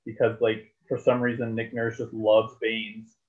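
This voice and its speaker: A man's voice: fairly low pitch, monotone, measured pace. Swearing man on a tinny line. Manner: rambling, swears freely, lots of fillers. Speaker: podcast co-host. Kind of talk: casual sports chat. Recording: tinny phone-like sound.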